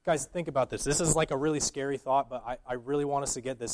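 A man's voice: mid-range voice, fairly even intonation, quick pace, hardly any pauses, darkish tone. Earnest young man preaching casually. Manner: earnest, informal, many fillers and restarts. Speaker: guest preacher. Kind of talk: sermon.

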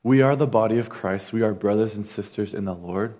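A man delivers a sermon in a low voice. He speaks earnestly and conversationally, voicing the people he quotes. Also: brisk, dark tone. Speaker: pastor.

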